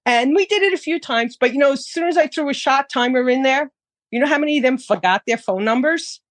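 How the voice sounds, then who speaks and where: A woman's voice: high-pitched, a little fast, no echo. Chatty woman firearms instructor. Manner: chatty, many fillers. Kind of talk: casual interview.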